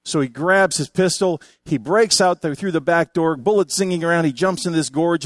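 Older man preaching an animated sermon. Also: a little high, fairly quick, hardly any pauses, no echo, clean studio sound. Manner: animated storytelling with folksy asides. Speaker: pastor.

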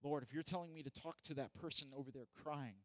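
A man's voice: a little high, quick pace, dry recording. Earnest man preaching a sermon. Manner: earnest, repetitive, rising to emphatic peaks.

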